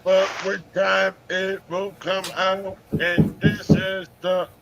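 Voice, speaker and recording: Robot voice put on by a man, flat pitch, unhurried robotic delivery. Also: full character voice, rough recording. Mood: deadpan robotic. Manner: slow, stiff, robotic delivery. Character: flat monotone male AI robot. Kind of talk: playful put-on voice on livestream chat.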